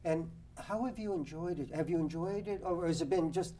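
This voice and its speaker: A man's voice: on the high side, a little fast, dark tone, slight background noise. A male talk show host who asks rambling questions and says yeah often as his guests talk. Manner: agreeable, many yeahs, rambling questions. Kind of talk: interviewing guests.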